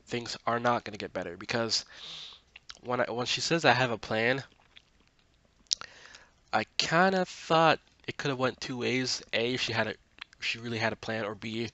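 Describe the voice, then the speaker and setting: A man's voice: on the low side, pushed and bright, no room sound. A man casually recapping a TV episode, rambling with lots of 'like' and 'um' and frequent self-corrections.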